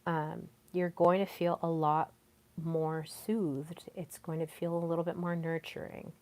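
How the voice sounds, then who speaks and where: Slow, low-voiced woman podcaster. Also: little pitch movement. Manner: slow, soft and deliberate, with many pauses. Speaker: podcast host. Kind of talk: solo podcast talk on communication.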